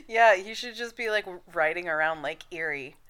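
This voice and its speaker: Woman co-host, high and giggly, animated pitch, smooth clear voice. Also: measured pace. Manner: giggly, laughs often. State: high on cannabis. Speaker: podcast co-host. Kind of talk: casual chat.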